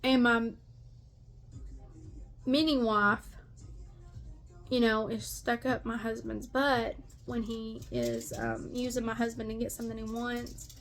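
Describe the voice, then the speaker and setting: A woman's voice: on the high side, lively intonation, takes it slowly, pauses often, a bit bright, faint music behind. A middle-aged woman venting bluntly about family drama, exasperated, swearing freely and repeating herself for emphasis. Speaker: stepmother vlogger. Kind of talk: venting rant to camera.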